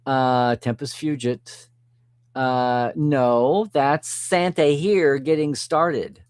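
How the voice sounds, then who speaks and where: A man's voice: mid-range voice, steady tone, extremely slow, clean tone, no echo, clean studio sound. A man hosting a live stream, chatting casually and reading out and answering viewer comments with frequent chuckles. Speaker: host reading live chat.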